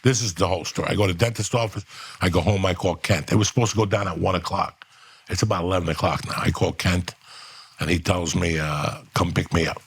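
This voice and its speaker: A middle-aged man with a very low, gravelly voice tells a story on a podcast. He swears freely and slips into the voices of the people he describes, his tone husky and rough. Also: fairly even intonation, quick pace. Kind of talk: animated storytelling.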